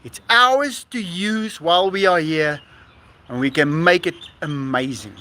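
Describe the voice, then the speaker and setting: A man's voice: fairly high pitch, a little slow, sharp tone. A man hosting a casual live stream outdoors on a rooftop, effusive and laughing often as he reads out donations.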